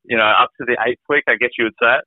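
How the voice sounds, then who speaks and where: A man's voice: mid-range voice, steady tone, rapid-fire, no echo. A man, a guest on an interview, telling his own story in a rambling, casual way, full of "like" fillers. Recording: tinny phone-like remote call audio.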